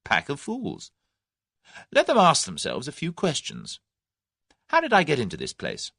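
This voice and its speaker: A man's voice: a little high, huge pitch swings, a little slow, vocal fry, sharp tone, no echo, studio quality, pitched above the performer's own voice, heavily acted. A man voicing a brash young Englishman who keeps airy and confident under threat. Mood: cocky.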